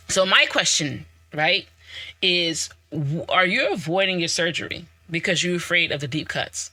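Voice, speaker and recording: A woman podcast host giving a personal testimony in an animated, conversational way, talking straight to her listeners. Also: lowish voice, normal speed. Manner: animated, storytelling, acts out quoted dialogue; repetitive, conversational, addresses listeners directly.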